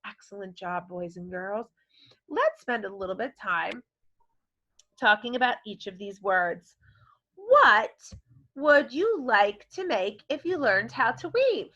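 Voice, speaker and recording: A woman's voice: medium pitch, expressive, measured pace, fairly bright tone, dull audio. A woman teaching a recorded vocabulary lesson to children, encouraging them and modeling words in playful voices. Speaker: elementary school teacher.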